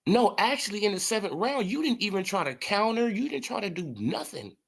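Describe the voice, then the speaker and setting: A man with a somewhat high voice hosts a loose sports commentary stream. He jokes and mocks, swears freely and breaks into laughter. He talks back to his chat as he goes. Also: very animated, a little fast, vocal fry, husky. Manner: mocking, profane, laughs often, replies to chat. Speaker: boxing commentary host. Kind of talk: casual livestream sports commentary.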